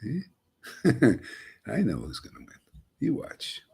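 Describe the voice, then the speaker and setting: Husky, lively man giving a spiritual talk. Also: mid-range voice, takes it slowly. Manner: folksy and emphatic, frequent "see?" and "man", chuckles. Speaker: spiritual teacher. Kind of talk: informal spiritual talk to a group.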